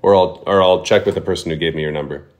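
A man hosting a prank call livestream, talking quickly and offhandedly with some swearing. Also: low-pitched, fairly even intonation. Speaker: prank call streamer host. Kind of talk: casual livestream chat.

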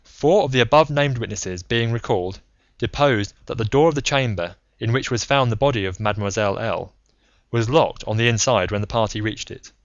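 Male audiobook narrator, measured reading, dry close sound, slightly dull lo-fi audio. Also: mid-range voice, no room sound. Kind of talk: scripted narration. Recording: slightly muffled lo-fi recording.

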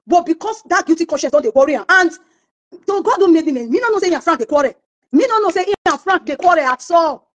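Nigerian woman singer telling a story super fast, high voice, does everybody's lines herself. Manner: acts out quoted voices of others while telling stories. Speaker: singer being interviewed. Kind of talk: animated storytelling interview.

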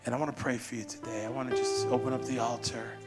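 A man's voice: medium pitch, flat delivery, quick pace. A man preaching as pastor, punchy and playful, calling out to the congregation. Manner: call-and-response, punchy, playful asides. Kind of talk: preaching sermon. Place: church sanctuary. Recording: music behind.

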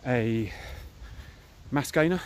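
A British man in his thirties talks casually and bluntly to a handheld camera, walking through a park. His voice is mid-pitched and slangy. Faint outdoor noise sits behind him. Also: takes it slowly. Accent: British English. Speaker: fitness vlogger.

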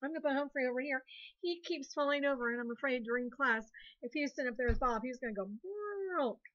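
A woman's voice: sits high, steady tone, fast, fairly bright tone, lo-fi sound. A woman teacher giving a recorded lesson to young children in a cheerful, encouraging way, spelling words out letter by letter. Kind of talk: recorded online classroom lesson.

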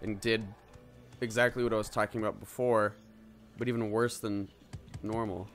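A man's voice: fairly low pitch, flat delivery, normal speed, soft background music. A man hosting a let's play, giving reactive gameplay commentary and exclaiming at what happens in the game.

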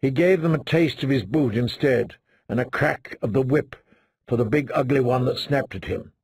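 A man narrating an audiobook in a slow, measured reading. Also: medium pitch, darkish tone, slightly rough, no echo, clean studio sound. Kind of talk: scripted narration.

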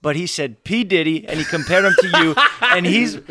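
A man in casual chat, animated and often laughing as he cuts in over the others. His voice is a little on the high side, and clear background noise sits under him. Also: fairly quick.

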